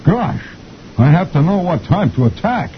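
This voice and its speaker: A man voicing a fussy, flustered army captain in a high strained voice. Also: big pitch swings, normal speed, lo-fi sound, slight background noise.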